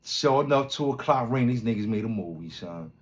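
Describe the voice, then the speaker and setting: A man from Brooklyn, hosting a podcast and telling a story in a casual, slang-heavy way, acting out loud quotes as he goes. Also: lowish voice, animated, a little fast. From Brooklyn, New York. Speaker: podcast host.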